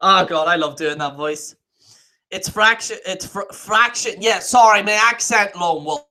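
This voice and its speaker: An excitable man hosting a live stream, with a high voice and a very bright, forceful edge to it. He reads out comments, laughs a lot, swears freely, and often stumbles over names or trails off mid-thought. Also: unhurried. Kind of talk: casual live-stream chat, reading viewer comments.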